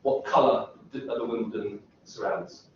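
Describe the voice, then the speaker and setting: In a lecture room, a man with a lowish voice and fairly even intonation speaks at a moderate pace, rambling through a university lecture, interrupting himself, and quizzing students with rhetorical questions. It's recorded from far off in an echoey hall, dull-sounding, with slight background noise.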